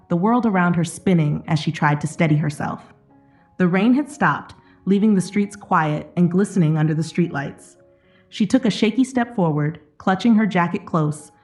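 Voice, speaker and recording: A woman tells an emotional drama in a steady, scripted narration, her voice set fairly low. Soft music runs faintly beneath her words.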